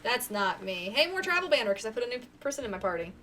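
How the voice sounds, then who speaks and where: A woman's voice: a little high, sing-song, fast talker, sharp tone, far from the mic, soft background music. A woman streaming a video game, chatting in a playful, self-mocking way as she plays. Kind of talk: casual gameplay chat.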